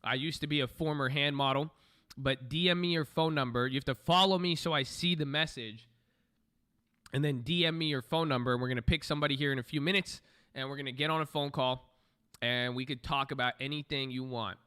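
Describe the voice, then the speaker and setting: A man's voice: mid-range voice, fairly even intonation, fairly quick, bright, forceful tone, clean tone. A man giving loose, joking commentary while streaming live trades, often swearing and thinking aloud. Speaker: live stock-trading streamer.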